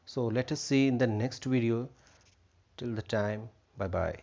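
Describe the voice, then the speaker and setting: A man's voice: medium pitch, a little slow, vocal fry, a little mellow. A man teaching an English textbook lesson, repeating himself and defining words with many fillers. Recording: dull lo-fi recording.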